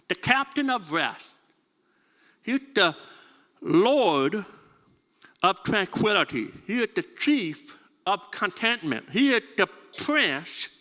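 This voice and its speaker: A man's voice: high voice, bright, forceful tone, long reverb tail. A man preaching a sermon, stumbling over repeated words and asking his congregation questions. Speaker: pastor.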